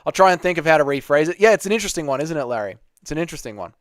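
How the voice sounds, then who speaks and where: A man's voice: fairly high pitch, big pitch swings, very fast, no room sound, studio quality. A young man hosting a casual live Q&A, reading chat messages aloud and bantering with viewers.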